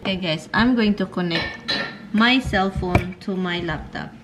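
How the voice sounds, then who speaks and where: Telling stories about her husband in a casual vlog, a woman from the Philippines laughs and giggles often, speaking with a Filipino accent. She has a fairly low pitch and talks a little slowly, with heavy noise in the background.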